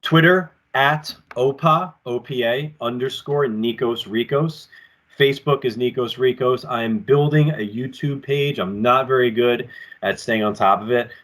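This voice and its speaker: A male pro wrestler talking from his apartment over a remote call, mid-pitched and ordinary in tone. He tells his stories loosely and with energy, jumping between his own lines and the voices of the people in them. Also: unhurried. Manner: rambling and animated, acting out quotes. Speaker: professional wrestler, podcast guest. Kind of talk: casual storytelling in an interview. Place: home apartment with collectibles shelves.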